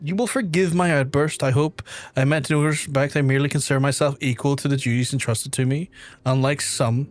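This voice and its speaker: A man's voice: medium pitch, steady tone, a little fast, natural voice. A man voicing a proud young noble knight, reading the lines in a stiff, formal way and stumbling over some words.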